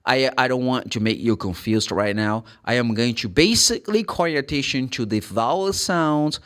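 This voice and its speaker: A Brazilian-accented man teaching English letter sounds, his pitch swinging up and down. He draws out each sound slowly to demonstrate it, then voices his students' questions himself. His speech is that of a native Portuguese speaker. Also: lively intonation, fairly bright tone. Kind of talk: pronunciation lesson.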